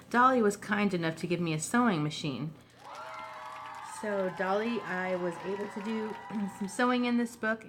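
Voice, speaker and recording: A woman giving a relaxed, chatty show-and-tell of her handmade journal, clearing her throat now and then between fillers. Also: on the low side, a little hiss or hum. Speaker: craft vlogger. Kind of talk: casual show-and-tell craft video.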